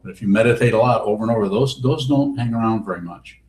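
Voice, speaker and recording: A man's voice: lowish voice, fast, darkish tone. A man giving a Buddhist dharma talk and answering questions in a blunt, wry, teasing way. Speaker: Buddhist teacher. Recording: roomy hall with faint background hiss.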